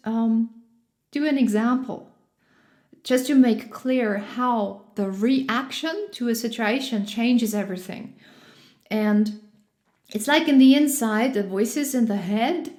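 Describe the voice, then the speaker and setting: A woman's voice: a little high, a little mellow. A woman coach giving a motivational talk, cheerful and laughing often, recorded in an echoey room. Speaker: joy and fitness coach.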